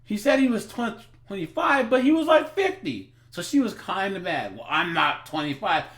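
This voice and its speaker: A man's voice: extremely high pitch, normal speed. A man giving chatty livestream commentary as he reacts to a video, often calling out to his viewers. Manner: animated, chatty, addresses viewers as guys.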